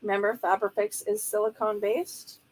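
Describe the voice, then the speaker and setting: A woman's voice: mid-range voice, normal speed, a little hiss or hum, low-quality recording. Chatty woman thinking aloud over crafts. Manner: relaxed, chatty, thinking aloud while working. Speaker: journaling crafter. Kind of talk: casual craft tutorial chat.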